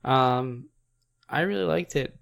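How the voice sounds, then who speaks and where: A man's voice: medium pitch, slow pace, vocal fry, a bit bright. A man co-hosting a podcast in casual chat, rambling with many fillers and frequent laughs. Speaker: podcast co-host.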